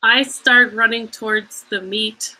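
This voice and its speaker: A woman's voice: on the high side, fairly even intonation, takes it slowly, pushed and bright, low-quality recording. A woman playing a tabletop role-playing game, speaking in a hesitant, playful way. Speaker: player.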